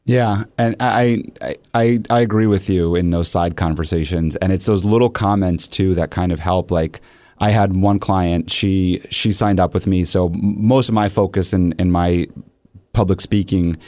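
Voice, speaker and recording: A man's voice: low-pitched, normal speed, no room sound. A man hosting a conversational interview, a coach who tells stories animatedly and acts out quotes. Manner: animated storytelling with acted-out quotes. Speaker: podcast host and coach.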